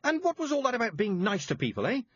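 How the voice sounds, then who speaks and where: A man's voice: sits high, wildly swooping pitch, fast, breathy edge, no room sound, lo-fi sound, pitched above the performer's own voice, exaggerated voice. A man playing a fiery young witch girl. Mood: indignant. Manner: indignant, shouting back.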